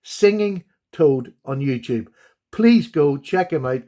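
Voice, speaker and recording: A man's voice: on the high side, lively intonation, slow. A man chatting casually in a show-and-tell vlog about his knife collection, rambling and correcting himself as he goes. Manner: chatty, warm-hearted and rambling with self-corrections.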